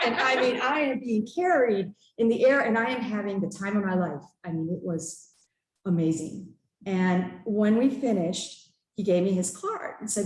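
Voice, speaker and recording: A woman telling a personal story at a church gathering, animated and laughing, acting out what people said. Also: medium pitch, moderate pace. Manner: animated, laughing, with acted-out quotes. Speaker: church member sharing a story. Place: church hall. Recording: echoey church hall.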